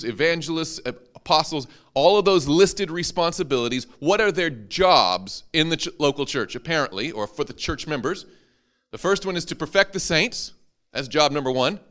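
A man's voice: a little high, a bit bright. A man, a preacher, teaching an interactive Bible class to a live audience, joking and quizzing them as he goes.

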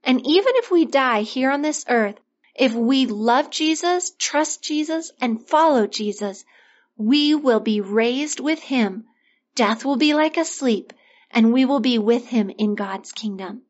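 Woman delivering a children's sermon story, gently expressive and a touch high-pitched, on a muffled recording. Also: measured pace. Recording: dull lo-fi recording.

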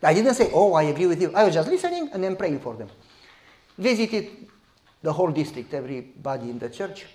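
A man, preaching as a pastor and telling a story in a lively, direct way. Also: on the high side, fairly quick, reverberant. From Romania. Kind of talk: sermon storytelling.

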